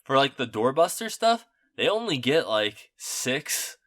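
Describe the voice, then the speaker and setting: A man's voice: mid-range voice, very animated, unhurried, a bit bright. A young man chatting on a podcast, telling stories in a rambling way with lots of fillers and casual swearing. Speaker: podcast host. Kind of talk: casual chat.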